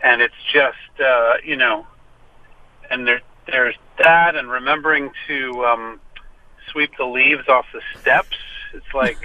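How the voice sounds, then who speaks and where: A man's voice: medium pitch, slow pace, sharp tone. A man joining a radio interview by phone from his parked car, talking in a wry, self-deprecating way with frequent stammered restarts. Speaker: guest musician. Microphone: phone call. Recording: muffled lo-fi phone line.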